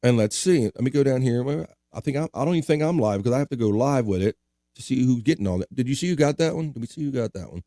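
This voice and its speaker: A man at a middle pitch hosts a loose livestream chat, reading out viewer comments and joking between them. He is animated and swears casually. The sound is dry and close. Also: fast talker, no echo. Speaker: livestream host.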